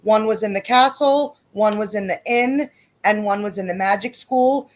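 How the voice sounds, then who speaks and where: A woman running a tabletop role-playing game, recapping the story for a live stream in a brisk, teasing way. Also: mid-range voice. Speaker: game master.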